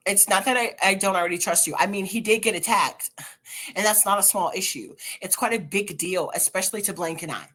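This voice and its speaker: Husky, bright-voiced woman giving sassy commentary. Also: medium pitch, a little fast. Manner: animated, sassy commentary with sudden loud outbursts. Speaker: host. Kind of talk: reading aloud and reacting to online posts.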